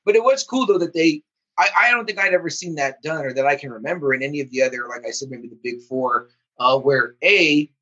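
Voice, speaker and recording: Animated, husky-voiced man hosting a chat. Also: a little high, brisk, dull audio. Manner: animated, acts out scenes in quoted voices. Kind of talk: casual podcast chat.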